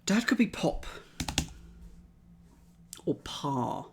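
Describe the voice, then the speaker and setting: Male streamer, unhurried delivery, puzzles things out aloud, working through options one by one. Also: fairly high pitch, sing-song, creaky, breathy edge. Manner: muses aloud, methodically tries out letters and words. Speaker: streamer solving crosswords. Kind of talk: thinking aloud, chatting with live chat.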